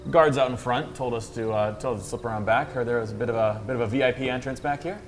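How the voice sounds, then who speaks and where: A man voicing a glib, smooth-talking male adventurer in a tabletop game. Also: medium pitch, fast talker, voice pushed up, natural voice.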